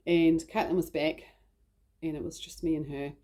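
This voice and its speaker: With a low, dark voice and flat delivery at normal speed, a New Zealand vlogger recounts something personal. The telling is chatty and meandering, full of "like."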